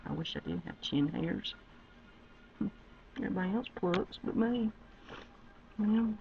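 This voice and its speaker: A woman's voice: lively intonation, a little slow, creaky, slight background noise. Drawling woman rambling on webcam. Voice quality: drawling, swings between low mutters and loud squeals. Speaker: webcam vlogger. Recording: dull lo-fi webcam audio.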